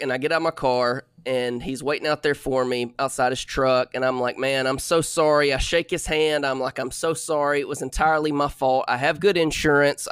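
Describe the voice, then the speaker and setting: Animated young man, higher voice. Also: clean tone, no echo, clean studio sound. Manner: animated, exasperated retelling. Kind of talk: casual storytelling.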